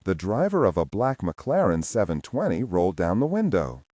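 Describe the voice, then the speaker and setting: Deep-voiced male audiobook narrator. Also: wildly swooping pitch, normal speed, few pauses, mellow, slightly rough, no room sound, clean studio sound. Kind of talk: scripted narration.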